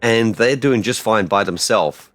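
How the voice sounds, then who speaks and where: A man streaming a game live, rambling casually and bursting out loudly when things go right. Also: on the low side, unhurried, no echo. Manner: rambling and excitable, with loud outbursts. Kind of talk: casual live-stream chat while gaming.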